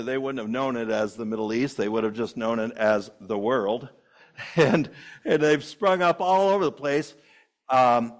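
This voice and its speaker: A male pastor delivers a sermon from a church sanctuary. He talks in an easy, conversational way, repeating phrases, using fillers and chuckling often. His pitch sits in the ordinary middle range for a man.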